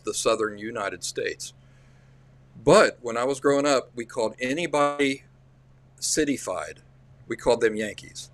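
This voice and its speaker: A man's voice: mid-range voice, fairly bright tone. Rambling Appalachian man telling stories. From central Appalachia. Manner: rambling, folksy, restarts often. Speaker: livestream host. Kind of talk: casual livestream storytelling.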